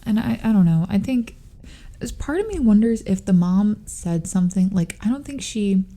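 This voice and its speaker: A woman's voice: mid-range voice, normal speed. A young woman co-hosting a casual podcast, reading a post aloud and then chatting with many "like" fillers. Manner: chatty, lots of "like" fillers, animated reactions. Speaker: podcast co-host.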